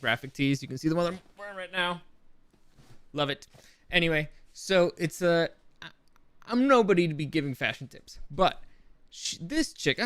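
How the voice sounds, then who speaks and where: A man's voice: a little high, a bit bright, no echo. A man hosting a casual gaming commentary show, talking in a chatty, rambling way with frequent restarts and self-corrections. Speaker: show host.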